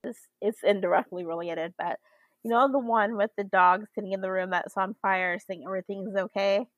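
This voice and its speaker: A woman chatting casually with friends, chiming in with quick questions and asides. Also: medium pitch, steady tone, a bit bright, no echo, rough recording. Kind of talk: casual group chat.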